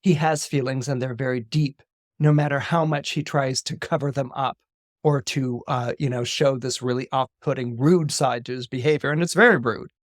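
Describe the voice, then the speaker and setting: Animated male storyteller, dry sound. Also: medium pitch, moderate pace, dry recording. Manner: animated, repeats words, acts out dialogue. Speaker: astrologer guest.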